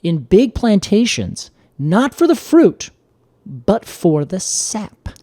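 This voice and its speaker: A man co-hosting a podcast, telling the story in a playful, animated way in casual chat. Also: sits high, slow pace, no echo, clean studio sound. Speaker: podcast co-host.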